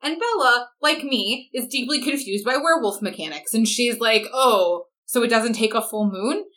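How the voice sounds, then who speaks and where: A woman's voice: fairly high pitch, moderate pace, a bit bright. A young woman co-hosting a podcast, summarizing plot points wryly in casual chat and correcting her co-host. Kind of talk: casual chat, book recap.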